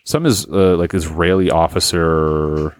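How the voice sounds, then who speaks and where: A man's voice: low voice, steady tone, unhurried, a little hiss or hum. A man co-hosting a casual podcast chat, rambling and swearing as he tells a story with many restarts. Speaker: podcast co-host.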